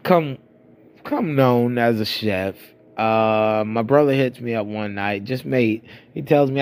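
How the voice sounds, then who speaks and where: A man's voice: medium pitch, slow pace, clean tone. A man in his thirties from Florida, telling rambling, profane stories about his past in a casual monologue, a bit stuffy-nosed. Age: 30s. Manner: profane, rambling, laughing at himself. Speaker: storyteller.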